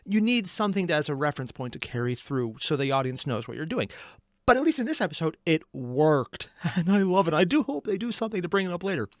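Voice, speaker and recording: A man's voice: fairly high pitch, very animated, quick pace, dry recording, studio quality. A man hosting an anime reaction channel, giving casual, enthusiastic commentary and chatty analysis.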